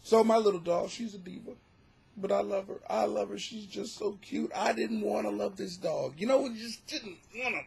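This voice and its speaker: A man hosting his own comedy podcast, rambling in a profane, animated monologue and laughing at his own jokes, with a husky voice. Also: high voice, moderate pace. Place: home basement.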